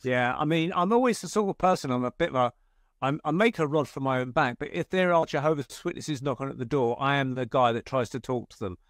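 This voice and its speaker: A man's voice: mid-range voice, fast talker, dry recording, studio quality. A man with a British accent hosting a podcast, chatty and telling anecdotes with laughter. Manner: chatty storyteller, laughs at his own tales. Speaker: podcast host. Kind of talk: casual conversation, anecdote telling.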